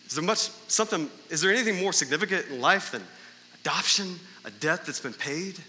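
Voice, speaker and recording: A man's voice: a little high, expressive, a little fast, pushed and bright, long reverb tail, a little hiss or hum. A male pastor preaching a sermon in a church, talking conversationally and tossing in rhetorical questions and "right?" asides. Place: church sanctuary during a service.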